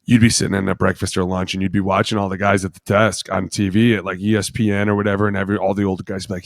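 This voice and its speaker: Low-voiced profane former football player. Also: male voice, fast, vocal fry, hardly any pauses, no echo, studio quality. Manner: profane, animated storyteller acting out voices. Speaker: podcast co-host, former NFL player. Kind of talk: casual chat.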